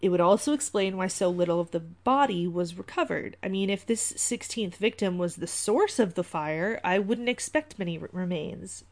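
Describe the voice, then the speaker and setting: A woman's voice: lowish voice, expressive, moderate pace, hardly any pauses. A woman hosting a podcast, talking casually with many fillers and wry asides. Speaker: podcast host. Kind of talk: casual conspiracy podcast talk.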